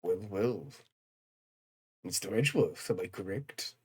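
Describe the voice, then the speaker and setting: A woman voicing a soft-spoken, formal male staff member in a badger costume. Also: rumbling low, animated, measured pace, husky, voice pushed down, heavily acted. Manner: quiet, formal, polite.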